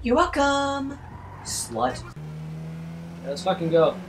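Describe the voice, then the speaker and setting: A man commentating over his gameplay as a taxi driver, swearing constantly and swinging between furious yelling and low muttering. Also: big pitch swings, slow, slight background noise. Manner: profane, swings from rage-filled yelling to muttering. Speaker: gamer playing a taxi driver. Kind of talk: let's-play commentary.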